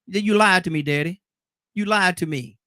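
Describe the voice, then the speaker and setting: A wounded little boy , as a male radio host puts him on, keeps accusing his father of lying and trips over his own words. The voice is bright and sharp, and the room is dry. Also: high-pitched, normal speed, dry recording. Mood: hurt, accusing. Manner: pleading, accusing, repeating himself. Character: upset young boy feeling lied to by his father.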